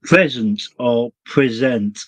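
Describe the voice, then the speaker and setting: A man's voice: medium pitch, slow pace, rough recording. A middle-aged man, rambling and thinking aloud in a casual live-stream chat from a small room he built himself. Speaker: livestreamer.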